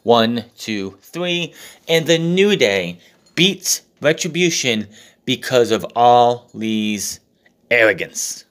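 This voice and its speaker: A man's voice: medium pitch, animated, takes it slowly, fairly bright tone. A man reviewing a wrestling show in a casual, profane recap, getting exasperated and mockingly acting out what people said. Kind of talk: casual recap with ranting commentary.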